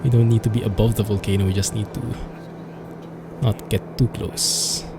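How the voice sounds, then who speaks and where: A man's voice: lowish voice, flat delivery, moderate pace, noisy background. A man streaming a flight simulator, chatting in a rambling, amused way as he flies and talks to viewers. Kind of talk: casual gameplay commentary.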